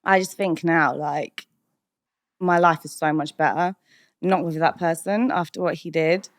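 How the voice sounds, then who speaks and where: Low-voiced British woman, chatty and candid. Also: fairly even intonation, unhurried, no room sound, studio quality. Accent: British English. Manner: chatty, lots of "like" and "um", laughs often. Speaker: DJ guest. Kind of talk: candid podcast interview.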